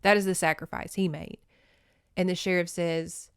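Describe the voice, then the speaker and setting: A woman hosting a podcast, recapping a movie in an animated, emotional, casual way with some swearing. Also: on the low side, normal speed, clean tone, dry recording, studio quality. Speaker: podcast host.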